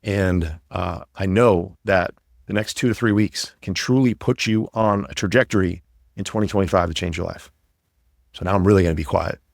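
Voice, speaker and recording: A man hosts a podcast with a low, grounded voice and an upbeat, encouraging push. He rambles a little as he talks. The sound is dry and close, with no room around it. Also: normal speed, vocal fry, no room sound. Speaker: podcast host and coach. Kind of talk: casual podcast talk.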